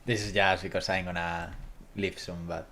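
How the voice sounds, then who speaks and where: A man with streaming live commentary as he tests his own game, talking to enemies and swinging from loud to muttered. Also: deep voice, little pitch movement, normal speed, a little hiss or hum.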